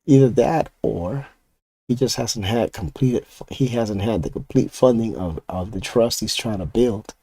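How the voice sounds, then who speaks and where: A man's voice: lowish voice, a little slow, dark tone, husky, dry recording. An older man of Puerto Rican roots, a comic artist ranting casually and profanely to his chat while he inks. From Puerto Rico. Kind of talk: casual rant while inking art.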